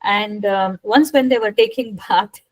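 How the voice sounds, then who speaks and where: Woman, scripture storyteller, unhurried, rhetorical questions, mid-pitched voice, dry close sound. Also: no room sound, poor audio. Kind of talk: retelling a scripture story as a talk.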